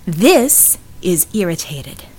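A woman doing a sharp-tongued retired cat burglar. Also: mid-range voice, animated, slow pace. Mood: menacing. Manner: biting, hostile.

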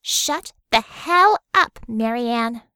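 A woman reading aloud and voicing a stern, commanding woman leader who speaks slowly and deliberately, with quiet threat. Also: medium pitch, no echo, clean studio sound. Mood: furious.

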